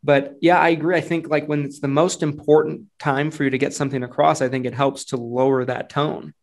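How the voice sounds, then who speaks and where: A man hosting a podcast, talking casually about phone sales in a relaxed, loose way with lots of fillers. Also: on the high side, brisk. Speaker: podcast host and insurance sales agent.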